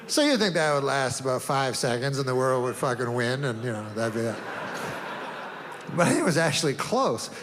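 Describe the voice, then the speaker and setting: A man performing a stand-up routine, talking in a deadpan, rambling way with long setups. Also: mid-range voice, moderate pace, noisy background. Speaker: stand-up comedian. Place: comedy stage. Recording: live stage recording in a reverberant hall, faint ambience.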